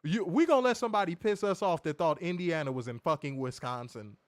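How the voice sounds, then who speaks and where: A man's voice: on the high side, fast, dry recording, clean studio sound. A man hosting a wrestling review show, talking in casual, profane banter and telling stories with mocking impressions. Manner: animated, mocking, lively storytelling with impressions.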